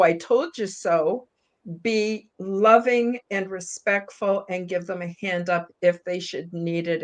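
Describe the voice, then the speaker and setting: A middle-aged woman on a spiritual panel, her voice emotional and close to tears. She talks from the heart in a middle pitch, apologizing now and then and leaning on soft fillers as she speaks. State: tearful, emotional. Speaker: panel guest.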